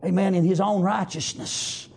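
A man preaching a fervent sermon, rising to shouts and punctuating with amens. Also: high voice, steady tone, normal speed, vocal fry, husky.

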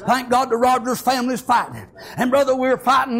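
A man preaching a fiery, folksy sermon that builds to shouts. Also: very high voice, fast talker, hardly any pauses.

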